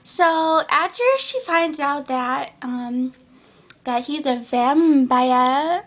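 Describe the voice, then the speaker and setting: Teen girl vlogger, high voice, giggly and rambling; casual recap. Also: gravelly, a bit bright.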